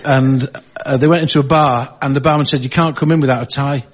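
A man's voice: medium pitch, steady tone, fast, muffled recording, a crowd in the background. A man with a Liverpool accent telling rambling jokes on a comedy panel show and acting out the voices in his stories. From Liverpool, England. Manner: rambling anecdote, acts out voices in the story.

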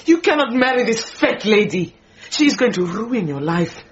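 An actress playing an indignant, possessive housemaid who complains dramatically, in a radio drama. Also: female voice, on the high side, big pitch swings, moderate pace, dull audio, a little hiss or hum. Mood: wailing. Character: indignant, possessive housemaid, middle-aged woman.

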